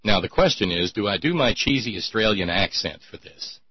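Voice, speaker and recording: A man's voice: lowish voice, lively intonation, fairly quick, husky, no echo, lo-fi sound. A man hosting a talk show, chatting in a rambling, sardonic way with many restarts. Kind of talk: casual call-in show banter.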